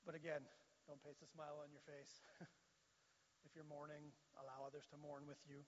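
Man preaching, slightly high voice, long hall echo, dull lo-fi sound. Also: monotone, brisk, a little hiss or hum. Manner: plain, conversational preaching with scripture references. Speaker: pastor. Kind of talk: sermon.

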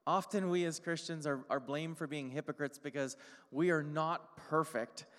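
High-voiced preacher in a reverberant hall. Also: male voice, fairly even intonation, fairly bright tone. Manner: emphatic, repeats short phrases, slows down on key lines. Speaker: pastor. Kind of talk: sermon.

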